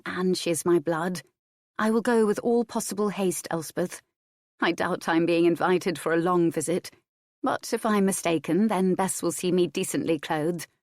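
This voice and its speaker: A woman voicing a proud, resolute young countess who speaks briskly and decisively, in a historical romance audiobook. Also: on the low side, darkish tone, dry recording, studio quality, close to an everyday voice.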